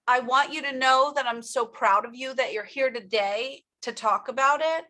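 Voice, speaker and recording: A woman's voice: high-pitched, moderate pace, few pauses, pushed and bright. A woman speaker giving a motivational workshop talk about her own story, emphatic and speaking straight to the audience. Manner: emphatic, addresses audience directly.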